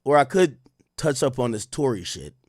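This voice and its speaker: A man's voice: medium pitch, very animated, normal speed, a little mellow, no echo, clean studio sound. A young man hosting a casual livestream, talking loosely and reading out and answering his chat as it comes in. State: worried about losing his voice. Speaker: livestream host.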